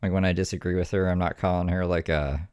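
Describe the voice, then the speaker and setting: Young man, very deep voice, blunt casual streamer, swears freely, dry close audio. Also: fairly even intonation, fast talker, darkish tone, clean tone, no room sound. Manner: blunt, swears, laid-back explaining. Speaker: streamer and host.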